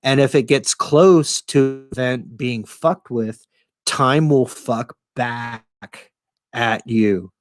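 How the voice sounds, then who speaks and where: A man's voice: medium pitch, takes it slowly, no echo, lightly acted. A man voicing a dying male time traveler who pleads earnestly and swears as he explains his plan, in a dry, close sound. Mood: urgent.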